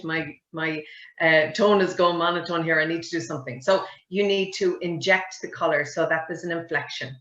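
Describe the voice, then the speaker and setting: A woman, a communication coach giving a lively webinar lesson and quizzing her audience. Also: fairly low pitch. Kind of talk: webinar teaching. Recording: roomy, dull webinar audio.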